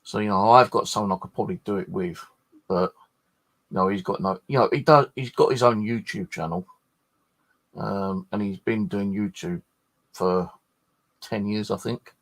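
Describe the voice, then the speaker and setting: Tired, rambling man, low voice. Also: moderate pace, pauses often. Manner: swears freely, meandering with many restarts. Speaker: ghost hunter chatting with livestream viewers. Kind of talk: rambling casual chat.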